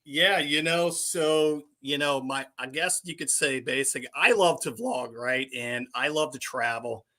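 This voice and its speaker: Laid-back new orleans guy on a podcast, bright tone, lots of "you know"s. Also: medium pitch, a little slow, hardly any pauses. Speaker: guest, vlogger. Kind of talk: casual podcast chat.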